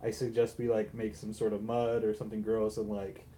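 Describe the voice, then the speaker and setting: A man's voice: fairly low pitch, completely flat delivery, a little fast, mellow, slight background noise, poor audio. A man playing a tabletop game, talking casually, hesitant and chuckling. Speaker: player.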